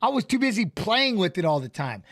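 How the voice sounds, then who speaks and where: A man's voice: sits high, very animated, fairly quick, fairly bright tone. A man co-hosting a fight watch-along stream, chatting loosely and jokingly, reading viewer comments aloud and swearing casually. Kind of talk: casual live-stream chat.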